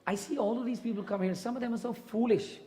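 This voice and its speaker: A man's voice: extremely high pitch, fast, warm tone, long reverb tail, voice pushed up. A man voicing a proud old king who is fed up with fools, in a commanding, impatient tone.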